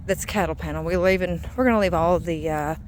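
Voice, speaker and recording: A woman's voice: lowish voice, slight background noise. Chatty woman vlogging. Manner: chatty, rambling, with drawn-out fillers. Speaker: vlogger and mother. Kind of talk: casual vlog chat.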